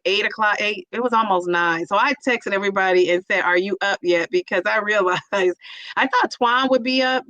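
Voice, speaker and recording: A middle-aged woman chatting casually on a livestream, telling animated stories to her viewers. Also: a little high, no echo. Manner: chatty, animated storytelling with laughs. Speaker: vlogger.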